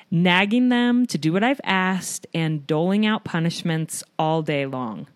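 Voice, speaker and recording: A woman's voice: lowish voice, dry recording, studio quality. A woman in her thirties hosting a podcast for moms, reading a scripted opening with light humor. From United States. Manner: warm, reads a written intro with light self-deprecating humor. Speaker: podcast host.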